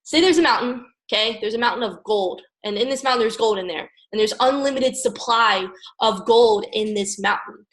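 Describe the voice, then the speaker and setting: A young woman from Maryland giving an energetic motivational coaching talk, repeating "guys" and "okay" and acting out phone calls. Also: fairly high pitch, moderate pace, poor audio. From Maryland, USA. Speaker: network marketing team leader.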